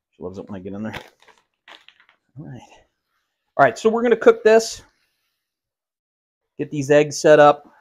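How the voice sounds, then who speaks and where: A man's voice: medium pitch, darkish tone. A man hosting a casual cooking vlog in a home kitchen, who cracks self-mocking jokes while he cooks. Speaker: cooking show host.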